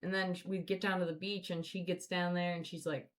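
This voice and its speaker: A woman's voice: lowish voice, level tone, brisk. A woman hosting a podcast, telling stories in a casual, rambling way full of swearing and fillers. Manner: rambling, profane, filler-heavy. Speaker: podcast host. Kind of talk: casual storytelling chat.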